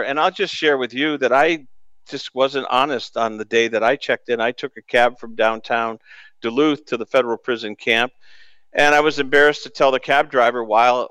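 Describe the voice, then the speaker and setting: A man's voice: medium pitch, pushed and bright, clean tone, no room sound. A man hosting a sports talk radio show, candidly telling a personal story with the odd rueful laugh. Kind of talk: casual radio monologue.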